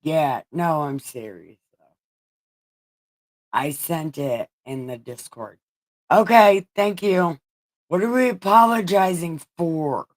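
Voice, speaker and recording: This woman's low voice has lively intonation; she speaks slowly and often pauses. As host of a casual livestream Bible reading, she talks crudely to her viewers, swearing and laughing.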